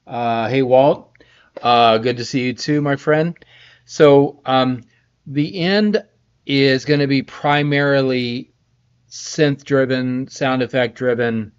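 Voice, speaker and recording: A middle-aged composer's clear, resonant, medium-pitched voice comes slowly as he live streams a scoring session from his home studio. Sleepy and yawning, he chats in a rambling, friendly way, greeting viewers by name. The lo-fi audio is slightly dull.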